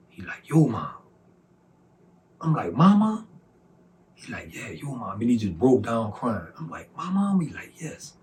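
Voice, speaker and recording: A man's voice: medium pitch, a little mellow. A man with a Southern US accent giving an earnest, emotional personal testimony, repeating himself as he tells his story. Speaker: testimony speaker.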